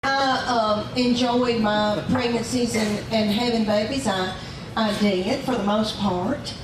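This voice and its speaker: A woman's voice: mid-range voice, steady tone. Folksy Southern woman doing stand-up. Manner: chatty, folksy storytelling with drawn-out asides. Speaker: stand-up comedian. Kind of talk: stand-up comedy set. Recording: long hall reverb, clear crowd noise.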